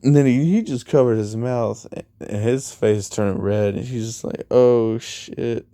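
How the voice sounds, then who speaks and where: A man casually recounts a fan-made story, rambling along and repeating dialogue with "he's like" and "you know." His mid-range voice has a dark tone and moderate pace, with clean studio sound and no echo.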